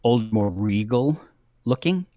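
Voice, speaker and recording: Brief: male game master, slow unhurried delivery, fillers and pauses, dry close sound. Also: mid-range voice, lively intonation, mellow, dry recording. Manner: halting, many ums and uhs, laughs often. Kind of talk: narrating a tabletop wrestling game.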